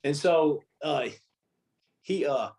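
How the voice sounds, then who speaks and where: Ex-SEAL guest, male, slightly high voice, animated, acts out quoted lines. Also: slow, vocal fry. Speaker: interview guest, former Navy SEAL. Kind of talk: casual storytelling interview.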